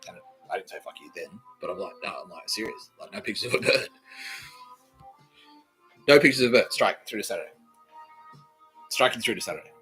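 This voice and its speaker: A man's voice: on the low side, expressive, fairly quick, long pauses, pushed and bright, faint music behind. A man hosting a podcast, telling a long story in a rambling, profane, repetitive monologue. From Australia. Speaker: podcast host.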